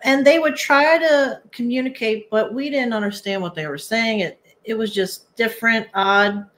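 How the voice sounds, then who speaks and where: A woman with a Southern accent, a psychic medium guest, telling her story in an animated way. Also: on the high side, moderate pace. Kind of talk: casual chat.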